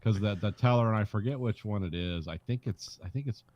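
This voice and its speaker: A man co-hosting a podcast, casually discussing a movie with dry, wry commentary and quick character impressions. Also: on the low side, lo-fi sound, slight background noise. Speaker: podcast co-host.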